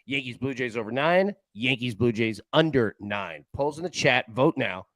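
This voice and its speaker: Lively, joking male show host. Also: medium pitch, moderate pace, dry recording. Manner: jokey, rambling, laughs often. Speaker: sports betting show host. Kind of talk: casual live-stream chat.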